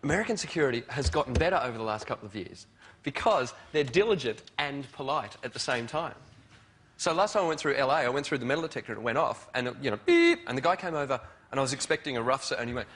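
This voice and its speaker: A comedian on a panel show telling a chatty anecdote with polite quoted voices. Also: male voice, medium pitch, animated, fast, fairly bright tone. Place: TV studio with a live audience.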